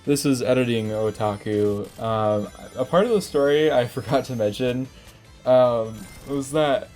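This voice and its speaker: A man's voice: medium pitch, unhurried, a little mellow. Young man, casual storytelling, laughs a lot, repeats words, faint music behind. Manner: rambling, laughs often, stumbles and repeats words. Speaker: vlogger.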